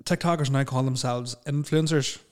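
A Northern Irish man co-hosting a podcast in loose, casual chat. His voice sits at a middling pitch, and he laughs and swears freely, with plenty of fillers along the way. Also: fairly even intonation, moderate pace. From Northern Ireland. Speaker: podcast co-host.

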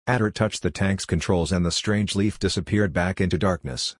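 A man narrating a science-fiction story in plain, even scripted narration. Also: deep voice, normal speed, no room sound, studio quality.

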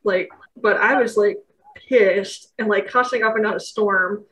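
Casting: young woman, candid laid-back podcast co-host, mid-pitched everyday voice. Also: steady tone, a little slow, a bit bright, low-quality recording. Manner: candid, laughing, swears casually. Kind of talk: casual chat.

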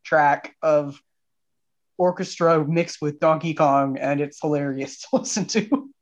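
A man's voice: a little high, a little slow, lo-fi sound. A young man, an engineering student guest, chatting in a playful, upbeat way on a podcast. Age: young adult. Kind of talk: casual interview chat.

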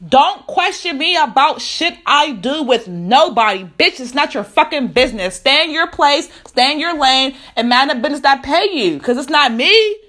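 A woman's voice: high-pitched, lively intonation, normal speed, few pauses, fairly bright tone. A woman, ranting bluntly to camera, profane and emphatic with repeated rhetorical questions.

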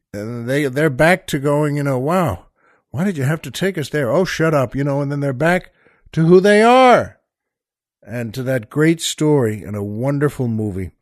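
An older man hosts his own podcast, retelling a favorite movie scene in a rambling, folksy casual monologue peppered with "well" and "by the way" asides. His voice is mid-range, and the studio-quality recording has no echo.

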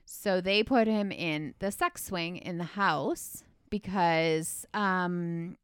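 Chatty woman with a smooth, dry voice. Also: fairly low pitch, slow, no room sound. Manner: chatty, rambling, lots of filler words. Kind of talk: casual chat.

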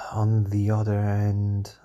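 A man's voice: lowish voice, mellow. A young adult man with an accent that mixes British, American and Portuguese sounds, musing aloud in a solo podcast from home, sighing and restarting as he goes. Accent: mix of British, American and Portuguese. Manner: musing and rambling, with sighs and restarts. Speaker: podcast host.

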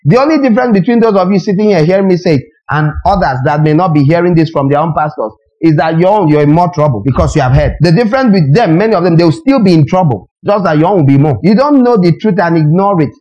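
A man's voice: fairly high pitch, lively intonation, fast talker, hardly any pauses, highs cut off. A man preaching a sermon as a pastor, emphatic and questioning his congregation directly.

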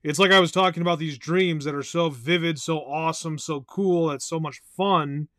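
A high-voiced man rambles through a solo podcast monologue. He is excitable and profane, breaking into loud outbursts and laughter. The sound is dry and close, with no room echo. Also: normal speed. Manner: excitable, swears loudly, bursts into shouting and laughter. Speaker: podcast host.

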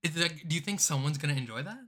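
A man co-hosting a casual podcast, animated and dramatic, prone to rants and outbursts. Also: on the high side, quick pace. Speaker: podcast co-host.

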